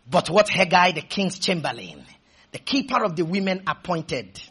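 A man preaching a fervent sermon, shouting at times and leading the congregation in call-and-response. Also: high voice, big pitch swings, normal speed, husky.

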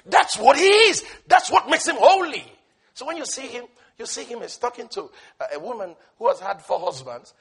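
A man preaching a sermon with passion, swinging between shouted lines and hushed asides, and telling stories with a laugh. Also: high voice, gravelly, slightly rough. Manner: impassioned, shouting bursts and sudden hushed asides; storytelling with laughter.

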